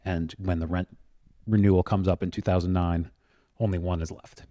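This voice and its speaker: Deep, mellow-voiced male podcast co-host. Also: flat delivery, moderate pace, no echo, studio quality. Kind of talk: conversational podcast talk.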